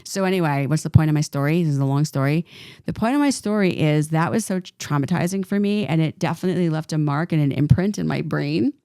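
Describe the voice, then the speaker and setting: A woman co-hosting a podcast, telling a personal story in an animated, rambling way with lots of filler words. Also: sits low, quick pace, no echo, clean studio sound. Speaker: podcast co-host. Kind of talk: casual storytelling chat.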